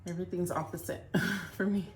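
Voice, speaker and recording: A woman's voice: on the low side, fairly even intonation, fairly quick. Chatty woman cooking in a noisy kitchen. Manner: chatty, laughs between remarks, talks to viewers as friends. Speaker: home cooking vlogger. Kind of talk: casual cooking demo. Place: home kitchen.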